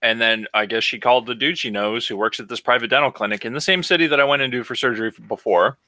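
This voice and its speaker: A man's voice: medium pitch, quick pace, sharp tone, no echo. A man co-hosting a podcast, telling an exasperated, profane story in casual chat. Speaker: podcast co-host.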